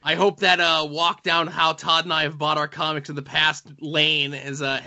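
A man co-hosts a podcast in a rambling, joking way, full of fillers. His voice is bright and a little high. The recording sounds dull and lo-fi. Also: little pitch movement, moderate pace. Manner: chatty, jokey, rambling with fillers. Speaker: podcast co-host. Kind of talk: casual chat about comics and TV.

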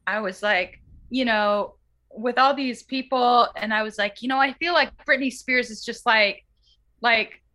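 A woman's voice: fairly high pitch, unhurried, sharp tone. A woman co-hosting a casual chat, talking with lots of fillers. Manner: chatty, filler-heavy. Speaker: podcast co-host.

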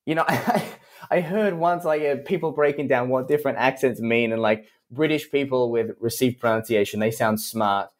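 A young Australian man from Western Australia, a copywriter chatting as a podcast guest, animated and jumping up in pitch when he quotes people. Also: normal speed. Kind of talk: casual interview chat.

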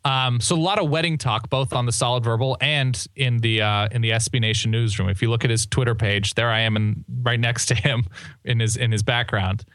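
A young man co-hosts a sports podcast in a loose, joking chat, rambling and correcting himself as he goes. His voice sits at a middling pitch and is recorded close and dry, with no room sound. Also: steady tone, brisk, fairly bright tone, no echo. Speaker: podcast co-host. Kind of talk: casual chat.

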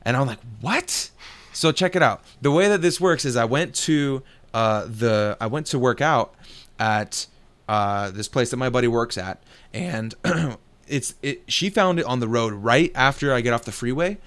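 Young male podcast co-host, smooth clear voice, easygoing storyteller who swears and laughs a lot. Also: medium pitch, animated, moderate pace, fairly bright tone. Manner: laid-back storytelling, swears freely, laughs often. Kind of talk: casual gaming podcast chat.

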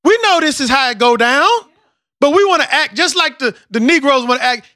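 Host, man, AAVE, very high bright voice, emphatic and profane, dry close sound. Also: expressive, a little fast, no room sound. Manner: emphatic, profane, repeats words while building a point. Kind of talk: casual roundtable discussion.

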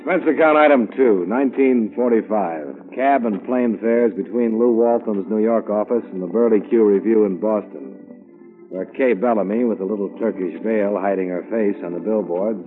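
A man's voice: lowish voice, moderate pace, soft background music, natural voice. An actor playing a cool, clipped male insurance investigator narrating a 1950s radio drama. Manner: dry, clipped hardboiled narration. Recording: tinny old radio broadcast.

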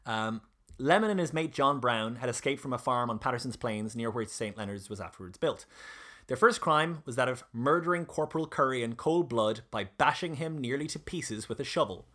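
A man's voice: medium pitch, lively intonation, fairly quick, sharp tone. A man presenting history in a casual conversation, reading out passages, with many fillers and restarts. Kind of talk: casual podcast chat.

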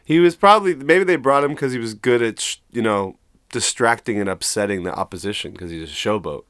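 A man's voice: medium pitch, a little fast, fairly bright tone, no room sound, studio quality. A man co-hosting a podcast, chatting casually and dropping wry, sarcastic remarks. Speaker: podcast co-host. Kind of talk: casual chat.

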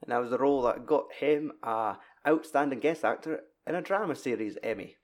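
A man co-hosts a podcast, talking in a casual, rambling, chatty way and often correcting himself. His voice is mid-range and his delivery brisk.

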